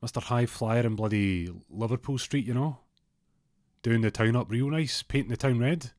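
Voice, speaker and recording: A man's voice: mid-range voice, moderate pace, a little mellow, dry recording, natural voice. Casting: wheeler-dealer, blunt, dry close voice, put on by a man telling a story. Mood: boastful. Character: streetwise Glasgow man running stolen goods.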